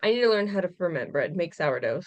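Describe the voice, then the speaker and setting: A woman's voice: on the low side, expressive, quick pace. A woman in a group chat, asking plain questions about her baking.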